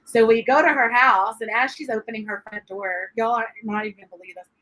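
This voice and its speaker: A woman, a guest sharing her faith testimony in an interview, animated and quick to laugh as she acts out what people said. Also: fairly high pitch, rough recording. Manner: animated storyteller, laughs often, acts out quotes.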